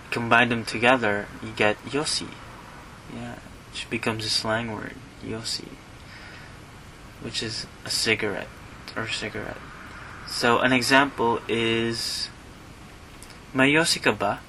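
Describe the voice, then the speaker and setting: Male tutor, unhurried and bright, repeats every term, faint rumble behind. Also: rough recording. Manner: repeats each word and example, with fillers. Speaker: language teacher. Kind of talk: slow teaching of slang words.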